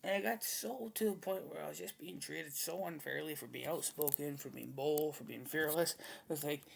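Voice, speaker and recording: A man's voice: on the high side, normal speed, vocal fry, a little hiss or hum. A man talking in a rambling, casual monologue, blunt and profane with a swaggering edge.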